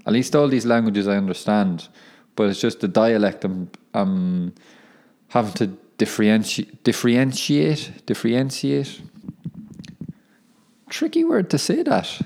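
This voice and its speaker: Very animated yet at a moderate pace, a fairly low male voice with a darkish tone carries this casual solo podcast. The young host, a professional footballer, rambles, corrects himself and laughs at himself.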